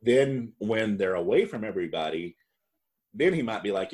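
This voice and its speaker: A man with a fairly low voice talks through a reality-show recap in loose, casual chat. He rambles, restarts his sentences, and laughs along with his co-host. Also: expressive, moderate pace, a little mellow. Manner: rambling, self-correcting, laughs often. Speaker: podcast co-host.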